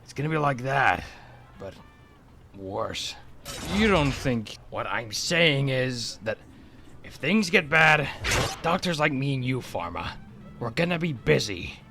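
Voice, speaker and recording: A man's voice: mid-range voice, sing-song, slow, vocal fry, long pauses, over music, exaggerated voice. A man voicing an earnest, irritable male robot doctor in a fan audio drama, speaking with urgent insistence.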